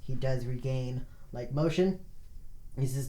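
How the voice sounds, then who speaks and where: A man narrating as game master, halting and full of filler words. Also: on the high side, noisy background.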